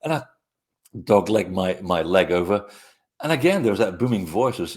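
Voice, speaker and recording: A middle-aged man, a guest author, telling anecdotes in a relaxed, rambling way with many hesitations. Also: fairly low pitch, brisk. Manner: rambling, hesitant with frequent fillers. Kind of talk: conversational storytelling interview.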